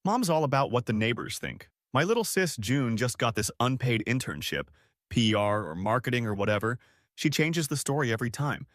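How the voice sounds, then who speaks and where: A man's voice: medium pitch, very animated, fairly quick, no room sound, studio quality. A man in his twenties narrating his own story in a casual, slangy first-person style. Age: 20s. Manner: casual, slangy, spelled-out abbreviations.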